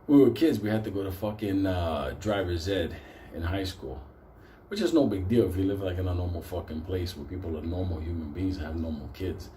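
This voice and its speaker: A man's voice: low voice, lively intonation, a little fast, dark tone, slight background noise. A middle-aged man telling a comic story from his youth, rambling, swearing constantly and prone to laughing. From New York City. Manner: profane, rambling, easily breaks into laughter.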